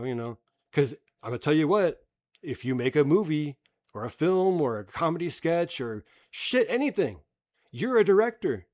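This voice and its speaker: Fluchender Mann mit hoher Stimme. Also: male voice, fairly high pitch, big pitch swings, moderate pace, a little mellow. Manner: profane, blunt ranting. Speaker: streamer. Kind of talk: livestream commentary.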